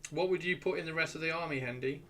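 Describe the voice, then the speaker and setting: This livestream host's voice sits a little high, and he speaks quickly with a sharp edge. He's gaming and chatting casually, rambling to himself as he browses and swearing now and then.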